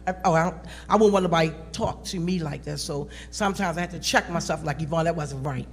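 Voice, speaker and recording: A woman on a church panel, talking in a lively, emphatic and colloquial way. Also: fairly low pitch, fast, in a large hall, a little hiss or hum. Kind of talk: panel discussion.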